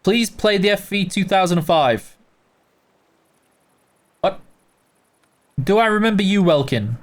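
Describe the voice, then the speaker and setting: A man's voice: sits high, big pitch swings, measured pace, pauses often. Tired, chatty game streamer man. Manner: reads chat questions aloud, answers offhand with fillers. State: very tired, yawning. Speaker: livestream host answering chat while playing. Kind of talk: casual livestream chat.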